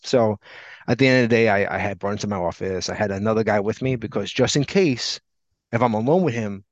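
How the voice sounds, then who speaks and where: A brisk, lowish male voice belongs to a podcast co-host telling an extended story in casual talk, animatedly quoting and acting out each character as he rambles. There's no echo; the audio is dry, dull and lo-fi.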